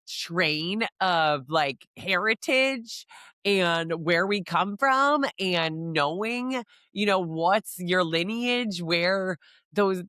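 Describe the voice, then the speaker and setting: A woman's voice: mid-range voice, a bit bright, no echo, clean studio sound. A middle-aged woman from the American Midwest, a podcast host chatting casually, rambling and giggling as she acts out quoted lines. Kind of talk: casual chat.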